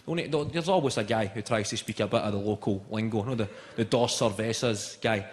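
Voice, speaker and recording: A Scottish man of around forty doing stand-up comedy, telling animated, sweary stories and slipping into other people's voices. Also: lowish voice, fairly quick. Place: comedy venue stage with a live audience. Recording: echoey live venue, loud crowd laughter.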